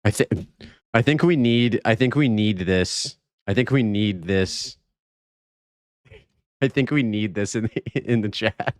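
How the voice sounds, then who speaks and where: A man streaming a video game live, chatting casually with his viewers, excitable and swearing freely. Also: on the low side, unhurried, no echo. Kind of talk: casual live-stream chat while gaming.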